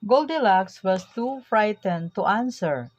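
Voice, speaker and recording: A woman narrating a storybook tale in a gentle, unhurried manner. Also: medium pitch, animated, dry recording, lo-fi sound.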